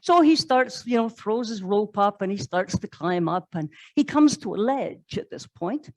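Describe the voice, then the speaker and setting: Woman, pastor, sermon storytelling, rhetorical questions, mid pitch, dry sound. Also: expressive, moderate pace, a little mellow, no room sound, low-quality recording. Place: church.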